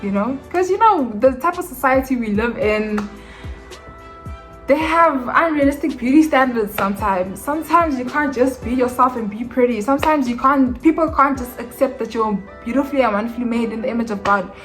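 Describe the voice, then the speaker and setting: A woman's voice: on the high side, a little fast, fairly bright tone, soft background music. A young woman telling a storytime vlog, chatty and emotional, with many fillers. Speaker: skincare vlogger.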